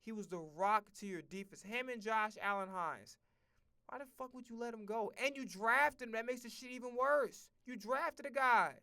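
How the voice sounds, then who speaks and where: A man's voice: very high voice, moderate pace, gravelly, pushed and bright, clear, resonant tone. Heated, profane man ranting football. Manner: slangy, repeats himself. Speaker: streamer. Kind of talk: livestream football rant.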